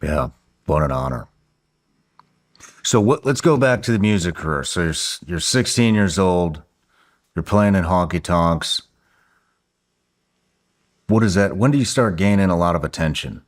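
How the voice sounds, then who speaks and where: A man with a very deep, low voice hosts a podcast in a relaxed, casual way. He asks questions and answers with short exclamations. His talk is loose and informal. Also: moderate pace, pauses often. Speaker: podcast host. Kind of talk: podcast interview.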